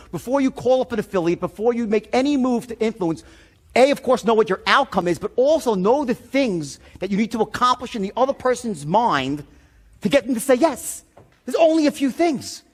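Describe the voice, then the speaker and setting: A man giving a seminar talk as a sales trainer, telling stories in an animated, profane way. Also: high-pitched.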